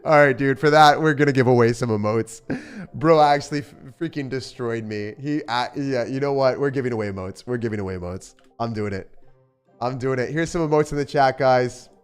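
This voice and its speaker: A man's voice: mid-range voice, a little fast, smooth, soft background music. A young man streaming a game live, joking at his own expense and answering chat. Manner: self-mocking, jokey, reads and answers chat.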